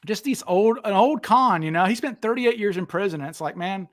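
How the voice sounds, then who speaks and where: A man hosting a casual chat, retelling stories with lively acted-out quotes. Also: high voice, fairly quick. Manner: animated, acts out quotes with raised voice. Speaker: podcast host.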